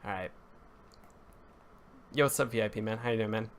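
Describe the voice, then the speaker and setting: A young man with a fairly low, fairly even voice speaks briskly while live-streaming a building session, with slight background noise. In casual commentary he rambles, corrects himself, greets viewers and chats, his voice cracking now and then.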